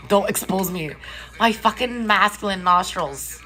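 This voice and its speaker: A woman live streaming from a hotel room, ranting casually and profanely to her viewers in an incredulous, animated way. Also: mid-range voice, takes it slowly, soft background music. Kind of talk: casual chat.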